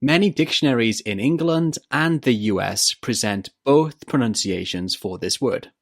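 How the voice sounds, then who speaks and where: A man teaching an English pronunciation lesson, modelling words and questions slowly and carefully for listeners to repeat. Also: medium pitch, dry recording, clean studio sound.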